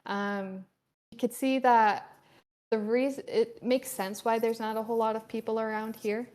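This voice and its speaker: Slow, halting woman narrating as game master. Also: a little high, steady tone, a little mellow. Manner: halting, full of ums and you-knows.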